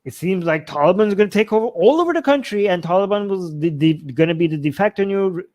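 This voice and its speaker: High-voiced man rambling to his audience. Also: expressive, quick pace, darkish tone, dry recording. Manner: rambling, conversational, repeats points. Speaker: show host. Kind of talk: casual commentary to a live audience.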